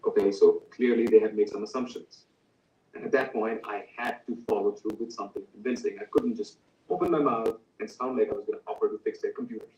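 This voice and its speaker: A man's voice: fairly low pitch, fast, darkish tone, natural voice. An actor playing an ordinary man under interrogation who pleads and stammers to defend himself. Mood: pleading. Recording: roomy echo, distant mic.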